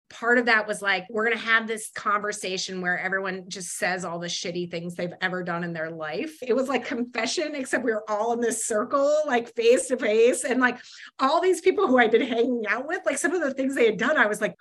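Lively woman telling a story, high voice. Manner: animated, acts out quoted voices with big pitch jumps; frequent "like" fillers, quick laughs. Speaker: guest. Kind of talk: storytelling in conversation.

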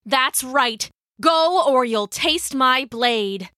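A woman's voice: on the high side, sing-song, slow pace, dry recording, clean studio sound, pitched above the performer's own voice, exaggerated voice. A woman voicing a serious, brave woman soldier who barks commands. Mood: commanding. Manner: commanding, shouting orders.

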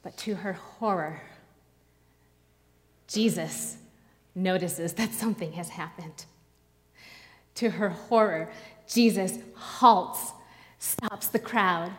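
A woman preacher delivering a sermon, telling a story slowly and dramatically with pauses. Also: lowish voice, big-room sound.

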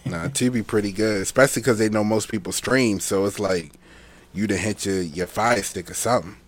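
A man co-hosting a casual sports podcast, chiming in quickly and agreeing with the others. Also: fairly low pitch. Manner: quick agreeing interjections, laughs easily. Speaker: podcast co-host.

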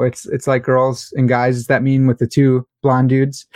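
A man's voice: medium pitch, fairly quick, few pauses, no echo, clean studio sound. A man co-hosting a casual podcast chat, talking animatedly and acting out quoted people. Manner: animated, acts out quoted voices. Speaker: podcast co-host.

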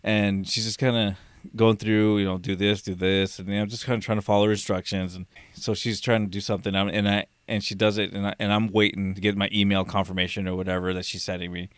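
A man's voice: fairly low pitch, flat delivery, fast, clear, resonant tone, dry recording. A man chatting casually, telling a rambling story full of restarts and swearing, laughing as he goes. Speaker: office worker. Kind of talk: casual chat.

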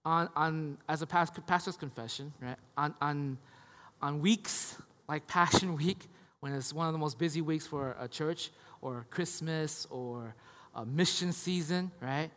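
A man in his thirties, a pastor preaching a conversational sermon, often asking "right?" and moving between hushed and loud passages. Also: on the high side, a little slow, in a large hall. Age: 30s. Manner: conversational, tag questions, swings from hushed to loud.

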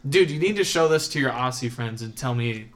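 A young man co-hosting a podcast, swearing freely and breaking into loud laughter. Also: mid-range voice, expressive, fairly quick, a little hiss or hum. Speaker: podcast co-host. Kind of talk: crude casual banter.

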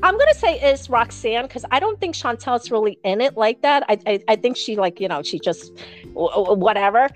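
A woman with a fairly high voice tells a winding gossip story in loose, casual chat. She swears freely and slips into the voices of the people she quotes. Faint music sits under the talk. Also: lively intonation, a little fast. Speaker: podcast guest.

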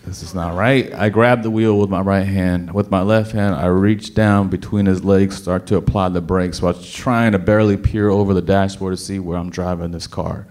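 A man telling a personal story to a live audience, animated, with stammering restarts and sudden bursts of emphasis. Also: low-pitched, normal speed, hardly any pauses.

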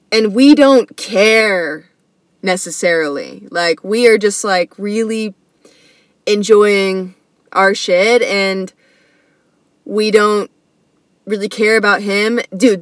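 A woman's voice: mid-range voice, no room sound. A woman hosting a comedy podcast, telling a story in a slangy, earnest, casual way. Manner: slangy and earnest, says bro and dude.

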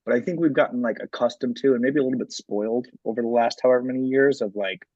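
A man's voice: mid-range voice, fast talker, darkish tone, dry recording, dull audio. A man co-hosting a podcast, chatting casually about sports and leaning on lots of filler words. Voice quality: frequent filler words and restarts. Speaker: podcast co-host.

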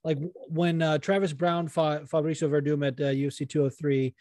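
A man in casual podcast chat about fights, talking in a profane, fast-running way with frequent restarts. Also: on the high side, level tone, darkish tone, no echo, clean studio sound.

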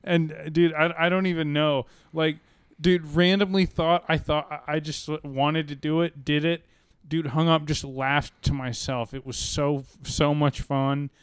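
A man in his thirties co-hosting a podcast, excitable and laughing through his stories, saying "dude" often. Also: a little high, measured pace, hardly any pauses, clean tone, no room sound. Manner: excitable, says "dude" a lot, laughs while telling stories. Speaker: podcast co-host. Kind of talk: casual chat.

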